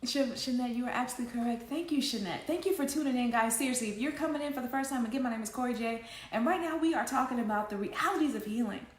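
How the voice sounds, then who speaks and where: A woman's voice: a little high, fast, hardly any pauses, reverberant. Passionate woman in her forties preaching. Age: 40s. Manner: passionate, preacherly, swings from loud emphasis to soft, laughs often. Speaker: host of an online faith talk. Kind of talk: livestream preaching talk.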